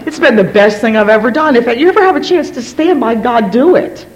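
An energetic woman from Virginia shares her story with a gathering, talking in a hyper, rambling way full of restarts and self-mocking asides. Her voice sits at an ordinary middle pitch. A faint low rumble runs underneath the recording. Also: fairly quick. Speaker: speaker sharing at a recovery gathering. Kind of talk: personal story told to a gathering.

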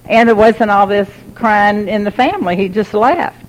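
A woman's voice: medium pitch, moderate pace, poor audio. A woman giving a candid personal testimony, often laughing as she talks. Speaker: speaker sharing her recovery story.

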